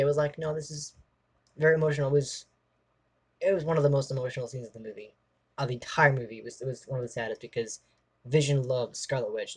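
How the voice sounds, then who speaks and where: A man hosting a casual movie review. He rambles in an animated way, restarts his sentences often, fills them with "like" and laughs often. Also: mid-range voice. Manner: laughs often while talking.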